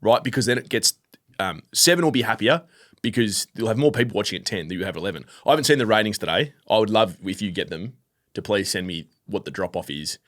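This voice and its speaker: A man with an Australian accent co-hosting a sports podcast in casual chat, opinionated and quick to laugh. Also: fairly low pitch, lively intonation, a bit bright. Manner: opinionated, laughs easily, restarts often. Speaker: podcast co-host.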